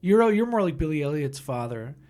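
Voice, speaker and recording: A young man co-hosting a casual podcast chat, talking in halting bursts and laughing often. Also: a little high, big pitch swings, warm tone. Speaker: podcast co-host.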